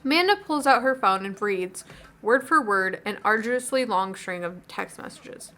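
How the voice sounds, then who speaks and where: A woman's voice: mid-range voice, animated, normal speed, pushed and bright. A woman gaming streamer reading a visual novel aloud in a playful, amused way.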